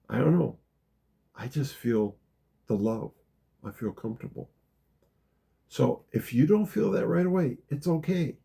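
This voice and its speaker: A man leading a gentle guided meditation talk, calm and unhurried, dropping very soft in the guided parts. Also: mid-range voice, creaky, slightly rough. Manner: slow, gentle, drops to a near whisper in the guided parts. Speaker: spiritual teacher guiding a practice.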